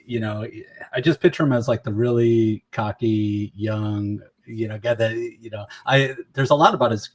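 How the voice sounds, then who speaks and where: Husky-voiced father prompting a discussion. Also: fairly low pitch, steady tone, moderate pace. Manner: helpful, prompting, knowledgeable, gently joking. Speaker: co-host, father. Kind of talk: casual book discussion.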